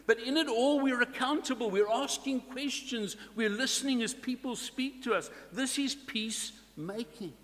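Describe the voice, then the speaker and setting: A man preaching a sermon to his congregation in a slow, deliberate way, stressing key words. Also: very high-pitched, a bit bright, big-room sound.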